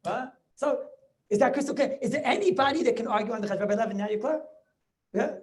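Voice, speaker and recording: Fast-talking rabbi teaching over a video call. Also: male voice, very high-pitched. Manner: keeps checking listeners with quick questions; repeats words and restarts as he goes. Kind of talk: Talmud lecture.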